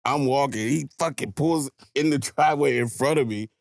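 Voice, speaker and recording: A man's voice: medium pitch, moderate pace, dry recording, clean studio sound. A man in casual podcast chat, telling a story with slang. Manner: laid-back storytelling with slang.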